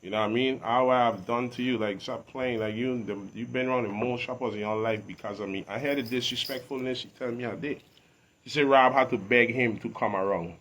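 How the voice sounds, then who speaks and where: Slight background noise accompanies this man's mid-range, steady, fairly bright voice, which moves a little fast. He's a guest artist from the Virgin Islands in a laid-back, casual interview, speaking with emphatic street swagger.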